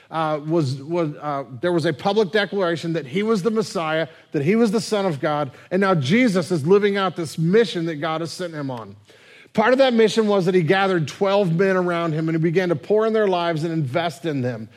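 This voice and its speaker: A man preaching a sermon as pastor, relaxed and conversational, sometimes dropping his voice very low. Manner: conversational, drops to near whisper at tender moments.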